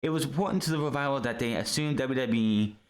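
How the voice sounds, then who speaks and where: A man hosting a wrestling podcast in a loose, rambling rant. He swears freely, trips over names and restarts his sentences, with a middling pitch. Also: quick pace. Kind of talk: casual ranting commentary.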